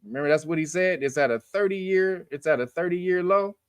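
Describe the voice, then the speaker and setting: A man's voice: high voice, fairly quick, smooth, dry recording, clean studio sound. A man hosting a news commentary show, blunt and profane, lecturing his viewers. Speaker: host.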